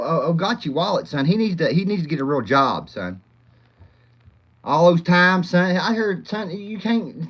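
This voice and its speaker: Rowdy man, lively swooping voice. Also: a little high. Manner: crude, profane, rowdy, laughs a lot; talks to chat by name. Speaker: livestream host. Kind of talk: rambling live chat.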